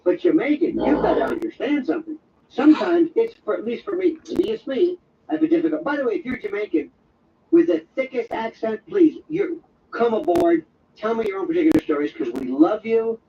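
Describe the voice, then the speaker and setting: A very high, lively male voice wanders from joke to joke as an overnight radio host. He talks in a digressive comic monologue and drops into quick impressions. The sound is dull and set back from the mic, with faint noise underneath. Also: creaky, recorded from a distance.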